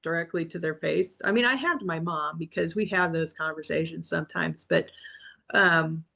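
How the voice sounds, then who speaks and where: A woman's voice: low voice, moderate pace, vocal fry, pushed and bright. A woman in a casual group video call, talking reflectively and rambling, often restarting and quoting herself. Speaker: book club member.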